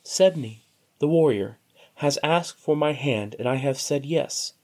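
A man voicing a soft-spoken young noblewoman. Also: mid-range voice, unhurried, natural voice. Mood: gentle. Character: gentle young noblewoman, kind but firm.

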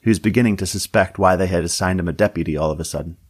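A man narrating a scripted story with dry, wry humor. His voice sits very low, and the recording is close and dry with no room sound. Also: racing, husky, no echo.

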